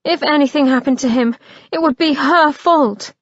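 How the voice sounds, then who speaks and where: A woman's voice: high voice, moderate pace, no echo, dull audio, voice pushed up, lightly acted. A woman voicing a frantic young widow heroine who talks in an urgent, insistent, raised voice.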